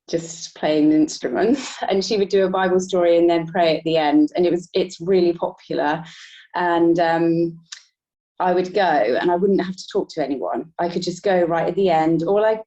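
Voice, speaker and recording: Woman interviewee telling her story, lowish mellow voice, muffled lo-fi sound. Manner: reflective, laughs between thoughts, many restarts. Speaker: interview guest. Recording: dull lo-fi sound.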